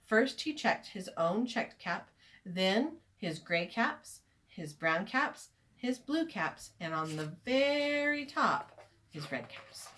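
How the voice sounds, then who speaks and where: A woman reading a children's story aloud, expressive and inviting listeners to join in. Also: medium pitch, takes it slowly, slight background noise.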